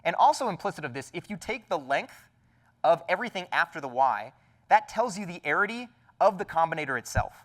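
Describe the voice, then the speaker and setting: A conference speaker presents a technical talk in a conference hall, explaining things with enthusiasm amid many fillers and restarts. He sounds high-pitched with big pitch swings, talks a little fast, and is far from the mic.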